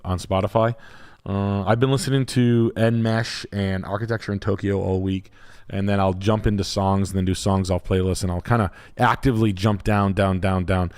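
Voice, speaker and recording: A man's voice: on the low side, darkish tone. Crude, rambling young man hosting. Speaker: realtor and stream host. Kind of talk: casual live stream chat.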